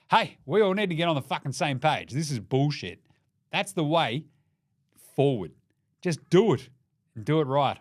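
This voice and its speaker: A man's voice: fairly high pitch, a bit bright, dry recording, studio quality. A young Australian man hosting a casual basketball podcast, irreverent and sweary, joking through the day's results. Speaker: NBA podcast host. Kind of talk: casual sports commentary.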